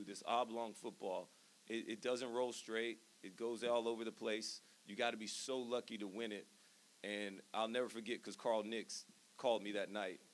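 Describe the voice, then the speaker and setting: A man in his thirties giving an earnest, emphatic induction speech from a ceremony stage. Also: mid-range voice. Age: 30s. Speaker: hall of fame inductee.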